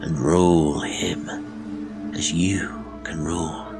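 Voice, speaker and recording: A man's voice: deep voice, little pitch movement, very slow, creaky, whispered, music in the background, exaggerated voice. A man voicing a suave, menacing villain who speaks with chilly, biting scorn. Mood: sneering.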